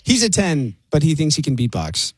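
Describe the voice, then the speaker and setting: A man co-hosting a live radio show, chatting casually in an excitable way and laughing often. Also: fairly high pitch, moderate pace, slightly rough, no room sound. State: a bit out of breath. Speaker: radio co-host.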